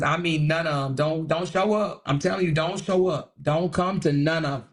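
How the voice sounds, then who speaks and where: A woman hosting a livestream, reading viewer comments in casual chat that is animated, laughing and gossipy. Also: sits low, normal speed, few pauses. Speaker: livestream host.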